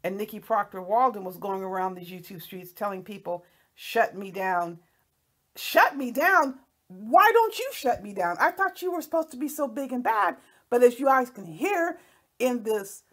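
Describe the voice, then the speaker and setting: A woman's voice: fairly high pitch, a bit bright. A woman hosting her own channel, talking over clips in a combative, mocking commentary. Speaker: channel host.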